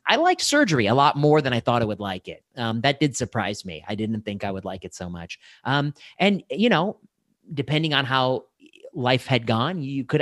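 Animated man, lively pitch. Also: no echo, studio quality. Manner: animated, many fillers and restarts. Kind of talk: casual conversation.

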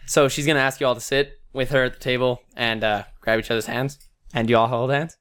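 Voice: medium pitch, steady tone, brisk, a bit bright, clean tone. A game master casually narrating a tabletop role-playing game. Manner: casual, loose, swears, trails off with fillers.

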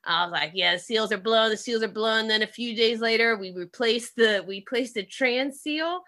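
A woman chats her way through a long, meandering story, packing it with fillers and the odd curse. Her voice sits a touch high and sounds bright and clear. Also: moderate pace. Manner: rambling storyteller, swears, laughs often. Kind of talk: casual chat.

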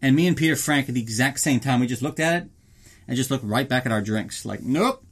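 A man's voice: medium pitch, fast. A man hosting a podcast, recapping a film in casual, rambling, profane talk and joking about himself in the third person. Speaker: podcast host.

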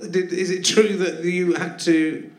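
A man's voice: high-pitched, flat delivery, unhurried. A male podcast host asking questions and teasing his guest in a live stage interview. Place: theatre stage with live audience. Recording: roomy theatre, audience laughter.

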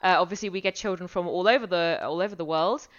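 A woman's voice: fairly low pitch, fast, muffled recording. A woman who teaches primary school music, talking in a casual podcast chat with frequent restarts. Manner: chatty, with frequent restarts and light laughs.

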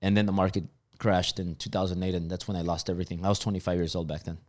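A man of about forty talks with easy confidence in a fairly low voice. He boasts about business and keeps repeating and restarting words as he goes. It sounds like loose conversational interview talk. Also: little pitch movement, rapid-fire. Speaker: entrepreneur guest.

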